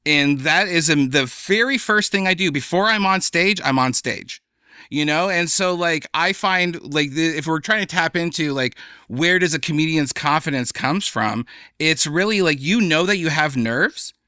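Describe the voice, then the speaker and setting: A young adult man, a comedian guest on a podcast, talking in an animated, chatty way. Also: a little high, normal speed, clean tone, no room sound, studio quality. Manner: animated, chatty, slips into playful voices for examples. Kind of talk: casual podcast conversation.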